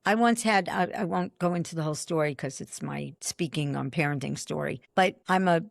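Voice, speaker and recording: Older woman, podcast guest; low, gravelly voice; emphatic, acts out the dialogue; close dry mic. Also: brisk, no room sound. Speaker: podcast guest, belief expert. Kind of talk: animated storytelling in conversation.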